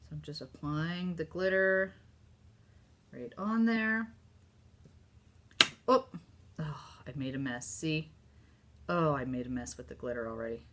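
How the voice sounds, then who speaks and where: A woman with a Southern US accent hosting a casual live craft demo, chatty and excitable as she talks to her viewers. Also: low voice, measured pace, long pauses, slight background noise. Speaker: craft host.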